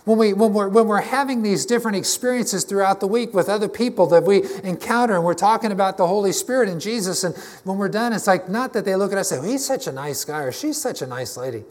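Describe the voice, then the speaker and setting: A man's voice: high-pitched, fast, few pauses. A man preaching a conversational, emphatic sermon to his congregation, often restarting his phrases. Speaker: pastor.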